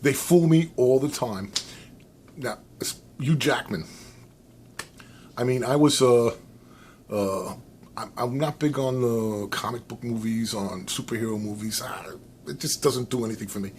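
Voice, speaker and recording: An American man talking casually to camera, rambling and animated, with many restarts and fillers, giving his opinions. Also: mid-range voice, a little slow, long pauses, slight background noise. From United States. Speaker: vlogger.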